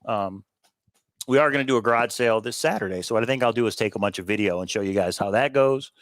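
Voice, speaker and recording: This livestream co-host has a lowish voice, captured dry. He chats in an upbeat way about items he's sold, replies to comments from viewers, and keeps things light with quick asides and little chuckles.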